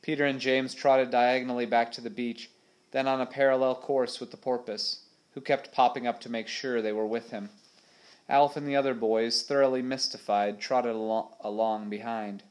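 A man narrating a children's adventure storybook in a steady, measured way. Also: medium pitch. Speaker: audiobook narrator.

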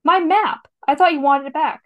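A chipper male fainting goat from a storybook, keen on adventure, read out by a woman. The voice sits fairly high and stays close to a plain reading voice. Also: normal speed, lo-fi sound, close to an everyday voice. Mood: upbeat. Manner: read aloud casually from a script.

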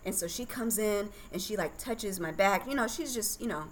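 A woman's voice: mid-range voice, lively intonation, normal speed, a little hiss or hum, low-quality recording. A woman guest on a podcast telling her birth story in a candid, chatty way, laughing often.

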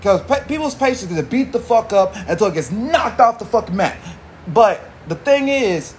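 A man's voice: high voice, expressive, normal speed, a little hiss or hum. A man hosting a podcast, talking alone in a casual, rambling, profane way, full of slang and swearing. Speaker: podcast host. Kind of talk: casual monologue.

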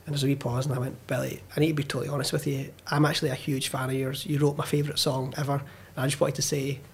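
A man's voice: mid-range voice, little pitch movement, quick pace, a little hiss or hum. A young Scottish man, a filmmaker on a podcast, telling a story animatedly and swearing freely as he acts out the quotes. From Scotland. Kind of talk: casual storytelling chat.

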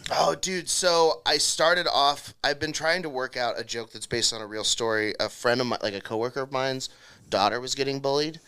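Young man, comic, storytelling chat, bright forceful tone, swears a lot. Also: medium pitch, normal speed, clean tone. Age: young adult. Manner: storytelling, swears, frequent agreeing murmurs. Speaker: stand-up comedian, podcast co-host. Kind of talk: casual chat.

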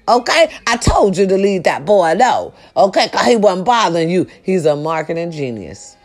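A woman delivering a comedic rant to her viewers, loud and profane, hollering with big swings in her voice. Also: medium pitch, very animated, normal speed, hardly any pauses, faint music behind.

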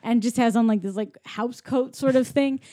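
Woman retelling a movie, higher voice, mellow, does all the character voices, laughs a lot. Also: normal speed, no echo, clean studio sound. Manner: animated storyteller, acts out lines, laughs often. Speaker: co-host recapping a film. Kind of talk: casual chat.

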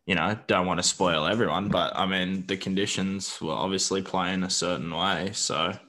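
Deep-voiced, laid-back man. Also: fairly even intonation, moderate pace, sharp tone. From Australia. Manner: dry, laid-back quips. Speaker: podcast co-host. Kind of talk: casual sports podcast chat.

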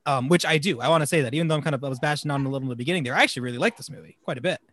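A man's voice: fairly high pitch, racing, a bit bright, no room sound. A man hosting a casual podcast about films, rambling and stumbling over his words and laughing often. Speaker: podcast host.

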